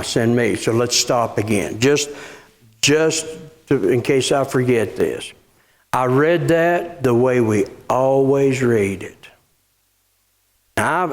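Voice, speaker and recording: Male pastor, slow and halting sermon delivery, high register, reads scripture between comments. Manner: halting, repeats words, reads scripture aloud. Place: church.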